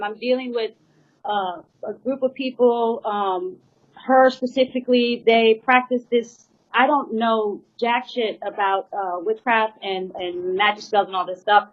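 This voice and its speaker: A woman's voice: fairly high pitch, steady tone, a little slow. A woman drummer giving an earnest, emotional personal account, rambling with many fillers and pleading at times. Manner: rambling, full of "you know" and "like" fillers. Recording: slightly muffled lo-fi recording.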